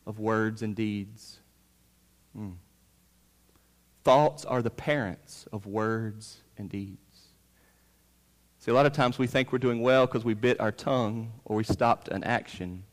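A pastor in his thirties delivers a sermon, his voice rising forcefully on key points before sinking low. The sound rings with a long reverb, as in a large hall. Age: 30s. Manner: emphatic preaching, rising loud on key points and dropping low.

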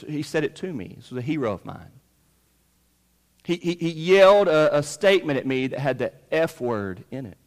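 A man in his thirties preaching a sermon, pushing loud on key points and dropping low between them. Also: animated, moderate pace. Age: 30s. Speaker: pastor. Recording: long reverb of a large hall.

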